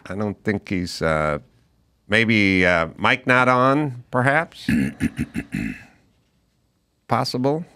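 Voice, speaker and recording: A man's voice: mid-range voice, extremely slow, pauses often, clear, resonant tone. A middle-aged man hosting a podcast, telling a story in casual chat and acting out the people in it. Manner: animated storyteller, acts out quoted people. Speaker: podcast host.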